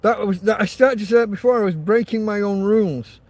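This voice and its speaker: A man's voice: high-pitched, fairly quick, darkish tone, no echo. A man hosting a rambling livestream chat, ranting and swearing freely. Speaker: livestream host.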